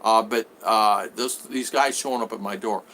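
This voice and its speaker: A man's voice: moderate pace, a little hiss or hum. A man chatting on a live stream, answering viewers and acting out conversations as he rambles. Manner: animated, acts out both sides of conversations in a higher voice. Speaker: vlogger answering live chat.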